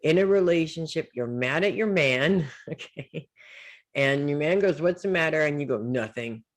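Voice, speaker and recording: A woman's voice: low-pitched, moderate pace. A woman giving a weekly psychic reading as casual advice. She talks in a loose, reassuring way and keeps checking in with "okay?" and "right?". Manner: loose and informal, trails off with "blah, blah". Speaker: psychic reader.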